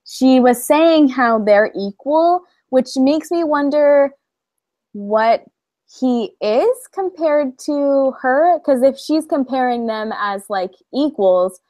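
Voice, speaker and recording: Young woman co-host, slightly high voice, dry sound, relaxed, hesitant with fillers. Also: slow pace, no echo. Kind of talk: casual livestream chat.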